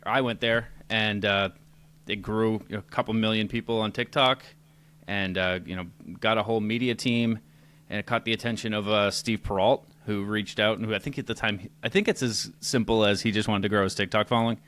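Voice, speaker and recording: A man's voice: fairly low pitch, steady tone, a little fast, a bit bright, clear, resonant tone. A man guesting on a podcast, telling his story in a loose, chatty way with lots of fillers. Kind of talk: casual interview chat.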